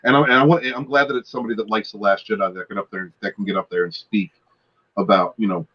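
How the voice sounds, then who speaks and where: A man's voice: fairly low pitch, fairly even intonation, quick pace, breathy edge, highs cut off. A man in his forties, a guest on a casual live stream, rambling and laughing with many fillers and restarts. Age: 40s.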